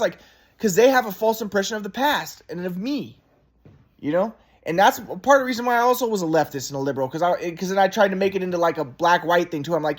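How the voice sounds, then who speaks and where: A man's voice: high voice, animated, quick pace. A man in his thirties in a rambling, repetitive casual monologue, agitated and swearing.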